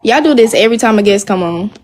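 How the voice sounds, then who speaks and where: A woman's voice: medium pitch, expressive, fast talker, darkish tone, a little hiss or hum. A young woman from Florida, calling in to a livestream, blunt and teasing. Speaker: caller. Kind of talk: casual call-in chat.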